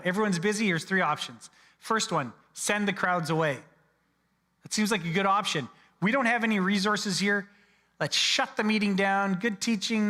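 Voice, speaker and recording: Conversational pastor in echoing church. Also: male voice, a little high. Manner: conversational, acts out people's lines in lively asides. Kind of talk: sermon. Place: church sanctuary. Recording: long church hall reverb.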